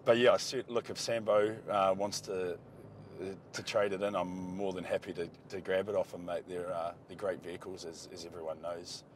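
Kiwi bloke, really low voice, relaxed and umming a lot, chatting in a ute. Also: male voice, normal speed, a little hiss or hum. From New Zealand. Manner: laid-back, hesitant with many ums. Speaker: rugby player. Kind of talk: casual in-car chat. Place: inside a moving ute.

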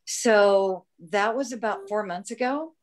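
A chatty woman with a middle-pitched voice talks eagerly and laughs often. She is heard over a video call in an easy, friendly conversation. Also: takes it slowly. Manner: bubbly, talkative, laughs often. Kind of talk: casual video-call chat.

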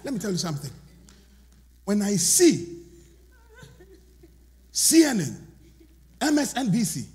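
A man preaching a sermon as pastor, swinging from loud shouted lines to hushed asides. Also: sits high, wildly swooping pitch, takes it slowly, pauses often. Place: large church sanctuary. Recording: long church reverb.

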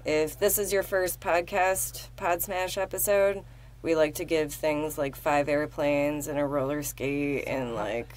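A woman's voice: sits low, steady tone, measured pace. A woman co-hosting a podcast in casual chat, teasing and brash, swearing playfully. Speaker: podcast co-host.

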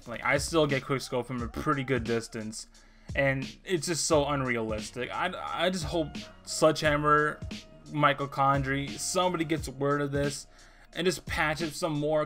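Young guy ranting thru gameplay commentary, sharp bright voice, bit of music playing under. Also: a little high, normal speed. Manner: ranting, opinionated, frustrated. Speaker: gaming video creator.

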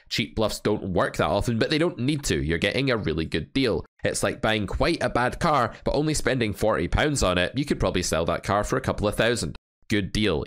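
A man from England with a deep, low voice talks through his poker hands like a coach. His delivery is wry and animated, with frequent joking asides between the strategy points. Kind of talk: hand review commentary.

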